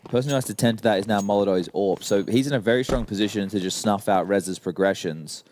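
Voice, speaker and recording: A man doing live esports commentary, calmly breaking down tactics as the match plays. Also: on the low side, fast. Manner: analytical, explains tactics. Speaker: esports caster. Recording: noisy with game sounds behind. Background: gunfire from the game.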